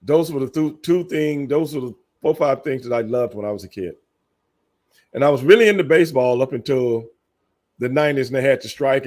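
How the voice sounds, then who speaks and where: Middle-aged Texan male podcast host, animated storyteller who laughs often. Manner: animated storyteller, laughs often, jumps into high excited bursts. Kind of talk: casual chat.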